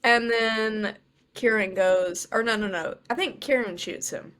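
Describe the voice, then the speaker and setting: امرأة شابة تروي القصة بحيوية. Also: female voice, fairly high pitch, unhurried. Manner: animated storytelling, acts out characters' lines. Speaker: podcast co-host. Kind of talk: casual chat recapping a TV show.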